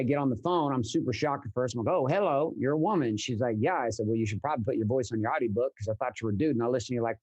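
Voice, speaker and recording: A man in a casual podcast interview who talks in a rush of energetic, blunt sentences. He swears freely and keeps restarting his thoughts, his voice sitting at an ordinary middle pitch. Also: highs cut off. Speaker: podcast guest, business coach.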